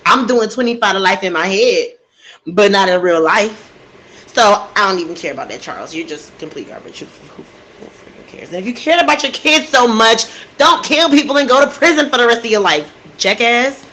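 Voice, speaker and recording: A woman's voice: a little high, expressive, fairly quick, fairly bright tone, low-quality recording. A woman telling a true crime story casually into a desk microphone, getting emotional and outraged and talking straight to her listeners.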